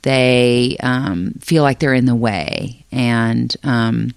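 A middle-aged woman who teaches the Enneagram, explaining slowly and thoughtfully with many fillers in a casual conversation. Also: very deep voice, creaky, clear, resonant tone, no room sound, clean studio sound.

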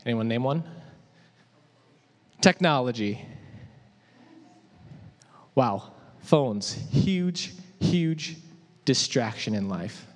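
A man preaching a sermon in a conversational, animated way, asking his audience questions. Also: mid-range voice, slow, pauses often. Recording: echoey hall.

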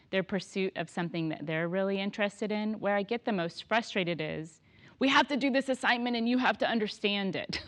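A woman in her thirties telling stories in casual conversation, laughing often and animated. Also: medium pitch. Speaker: guest.

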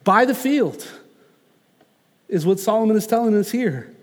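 A man preaching a sermon as pastor, earnest and measured, slowing down to stress key phrases. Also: sits high, lively intonation, long reverb tail.

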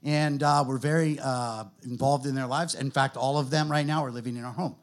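A middle-aged man with an American accent, a guest pastor telling his story to a church in a relaxed, conversational way, full of fillers. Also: medium pitch, a little fast. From United States. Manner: conversational, self-deprecating, many fillers.

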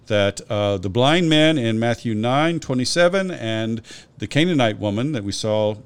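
A man's voice: mid-range voice, animated, moderate pace, clean tone. A man discussing a Bible passage in a conversational podcast, explaining in a scholarly way and citing chapter and verse, with frequent restarts.

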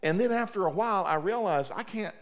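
Brief: middle-aged male pastor, fervent sermon delivery, somewhat high gravelly voice, stumbles and repeats. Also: lively intonation, brisk. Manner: fervent, repeats and restarts words.

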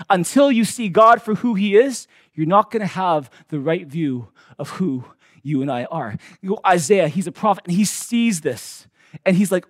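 A male pastor preaching a sermon with emphatic swings from loud to hushed, acting out the voices he quotes. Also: high voice, dry recording, clean studio sound.

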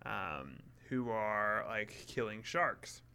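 A man's voice: lowish voice, slow, smooth. A man co-hosting a casual gaming chat, explaining at an easy pace. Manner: relaxed, explanatory, lots of fillers. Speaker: podcast co-host.

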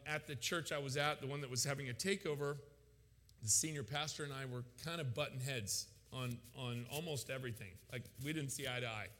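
A man preaching a sermon, telling his story with animated loud peaks and frequent stammered restarts. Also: medium pitch. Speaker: pastor. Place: church sanctuary. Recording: long hall reverb.

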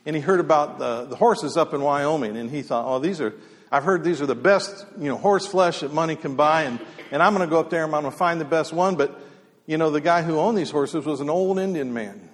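A man telling folksy stories casually, with many fillers and restarts, in a halting, easygoing way. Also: a little high. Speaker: storyteller speaker. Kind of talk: casual spoken storytelling. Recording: long hall reverb.

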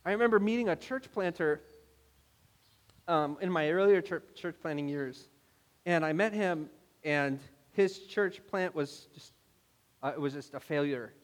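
A man preaching a sermon as pastor, telling stories in an animated way with mock-exasperated asides. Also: fairly high pitch, measured pace, long pauses. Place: church hall. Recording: long hall reverb.

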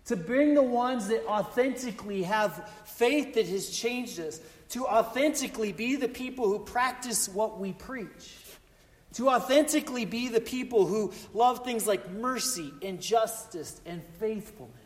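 A man's voice: high voice, in a large hall. A man preaching a sermon as pastor, earnest and emphatic, often repeating exclamations.

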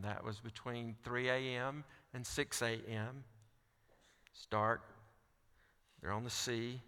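A man delivers a sermon from the pulpit of a large church. His voice is bright and crisp. It carries a long hall reverb as he reads scripture and presses his questions. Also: mid-range voice, steady tone, slow pace. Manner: reads scripture aloud, then presses questions with rising intensity. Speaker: pastor.

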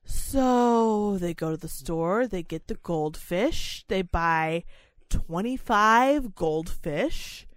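A young woman rants her way through a story, heated and profane, with big dramatic swings as she acts out the other people. Her voice sits at an everyday middle pitch. The recording is dry and close, with almost no room sound. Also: animated, extremely slow, no echo. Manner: angry, swearing, dramatic storytelling. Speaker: podcast co-host telling a story. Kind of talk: casual profane rant.

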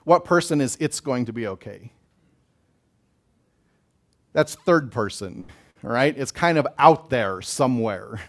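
A man giving a gentle, emotional pastoral talk on blessing, speaking to listeners as a chaplain. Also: medium pitch, lively intonation, takes it slowly, pauses often. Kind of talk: reflective spiritual talk.

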